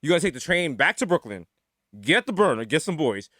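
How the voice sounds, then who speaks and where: Fast, animated New York man. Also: on the high side, no room sound, clean studio sound. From the Bronx, New York. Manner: animated storyteller, acts out quoted voices. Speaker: podcast co-host. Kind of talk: casual comedic chat.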